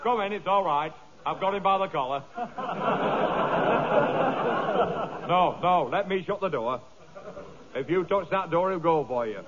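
An actor playing a man holding back a fierce dog, coaxing it and calming a visitor. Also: sits high, slow, pauses often, a crowd in the background. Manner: coaxing, whooping, fussing. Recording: dull noisy archive recording.

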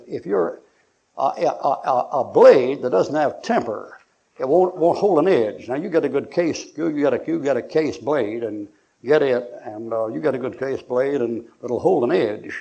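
A man's voice: mid-range voice, animated, normal speed, gravelly, darkish tone, husky. An older man, preaching in church in a folksy, joking way, acting out little scenes. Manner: joking, acts out voices, laughs often. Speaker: pastor. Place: church sanctuary.

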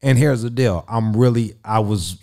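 Profane, animated man telling a raunchy story. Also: lowish voice, normal speed. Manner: profane, animated, acts out quotes in a raised voice. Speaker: radio personality and interview guest. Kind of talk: crude storytelling in casual chat.

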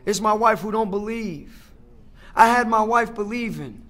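A middle-aged man with a fairly high voice tells his recovery story at a meeting. He speaks emphatically, turns to the listeners directly, and hammers a point home by repeating phrases. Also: a little slow, a bit bright. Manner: talks straight to the crowd. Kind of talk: personal recovery testimony.

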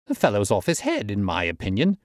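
A man's voice: lowish voice, wildly swooping pitch, fairly quick, no echo, studio quality. A man voicing a brash young male squire's son in an audiobook, hasty and dismissive. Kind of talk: audiobook reading.

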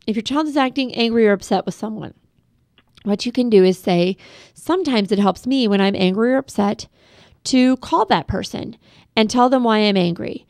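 A middle-aged woman leads a parenting class with a calm, practical manner, talking straight to the parents. Her voice is smooth and clear, at a middle pitch. The sound is dry and close, with no room in it. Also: no echo. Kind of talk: instructional webcast talk.

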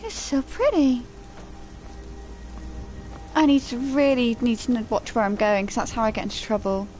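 A woman's voice: on the high side, moderate pace, darkish tone, faint music behind. A woman giving casual, chatty commentary while playing a video game, often poking fun at herself. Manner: chatty, self-deprecating running commentary. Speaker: let's play gamer.

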